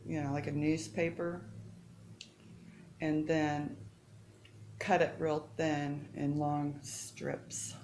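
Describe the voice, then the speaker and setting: Home-cook woman, low unhurried voice, chatty and rambling, echoey kitchen with background noise. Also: darkish tone. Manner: rambling, chatty, self-interrupting. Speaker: home cook showing recipes. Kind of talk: casual cooking demonstration.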